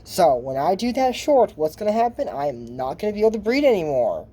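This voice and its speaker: A man's voice: high-pitched, very animated, brisk, warm tone. A man chatting casually as he recaps a cartoon episode, rambling with lots of asides and fillers. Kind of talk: casual commentary.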